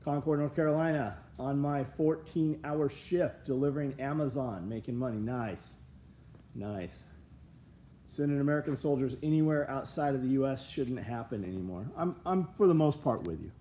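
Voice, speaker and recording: A livestream host speaks at a moderate pace in a mid-range, mellow voice, with a little hiss or hum in the audio. His rambling, casual talk is blunt and laced with profanity as he reads viewer names and promotes gear.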